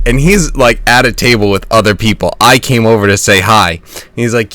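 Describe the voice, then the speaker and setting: A man's voice: medium pitch, moderate pace, fairly bright tone, dry recording. A man in his thirties telling a rambling story to friends, laughing as he goes. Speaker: player in a tabletop game podcast. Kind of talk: casual storytelling among friends.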